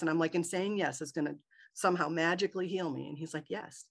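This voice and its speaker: A woman's voice: low voice, fast talker, breathy edge. A woman guest in an interview, telling a personal story with animation and acting out the dialogue in a raised voice.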